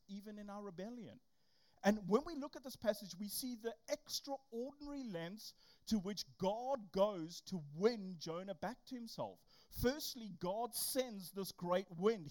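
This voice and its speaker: Young preacher, chatty sermon, jumps around in pitch, acts out little quotes. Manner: conversational, animated, acts out quotes. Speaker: youth camp preacher.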